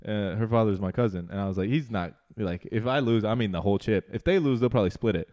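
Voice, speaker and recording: A man's voice: lowish voice, quick pace. Young man telling a rowdy story. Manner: animated, profane storytelling, heavy use of "like". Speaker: storyteller in a casual chat. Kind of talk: casual chat.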